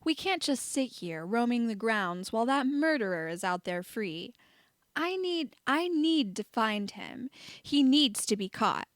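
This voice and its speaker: A woman's voice: fairly high pitch, big pitch swings, measured pace, no echo, clean studio sound. A woman reading as a furious hot-headed young man. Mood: earnest. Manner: shouting, raw-voiced outbursts.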